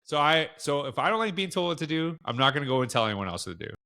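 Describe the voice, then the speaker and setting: A man's voice: on the high side, very animated, fast talker, sharp tone. A middle-aged man with a Canadian accent, a podcast guest talking casually, rambling with many fillers and restarts. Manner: rambling, lots of fillers and restarts, acts out quoted dialogue. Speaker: podcast guest, education speaker. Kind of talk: casual interview chat.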